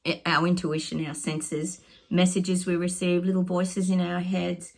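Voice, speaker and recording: A woman with a lowish, husky voice chats to her viewers as a psychic, reading oracle cards. She sounds excitable and conversational and keeps calling her audience "guys". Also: measured pace. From Australia. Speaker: psychic vlogger. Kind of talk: casual oracle card reading to camera.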